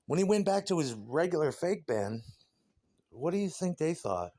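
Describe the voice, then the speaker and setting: A man's voice: fairly high pitch, sing-song, normal speed, dark tone. A man talking casually in an interview, ranting and scornful, with lots of swearing.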